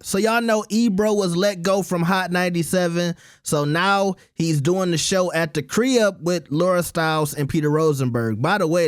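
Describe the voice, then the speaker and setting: A man with a fairly high voice delivers blunt, opinionated commentary on his own channel. The sound is close and dead dry, with no room around it. He talks casually, like he's ranting to friends. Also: no room sound.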